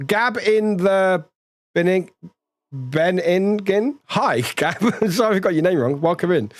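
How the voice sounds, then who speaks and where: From the United Kingdom, this streamer chats casually with viewers, reading out chat and greeting people despite a lingering cough. The mid-range voice swings widely in pitch, and there's no echo. The manner is chatty and rambling, warm toward chat, with quick laughs.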